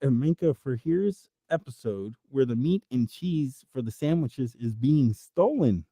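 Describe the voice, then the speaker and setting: A man's voice: mid-range voice, expressive, unhurried, mellow, no room sound, clean studio sound. A man hosting a livestream, reading chat and riffing through improvised comic rambles that swear freely.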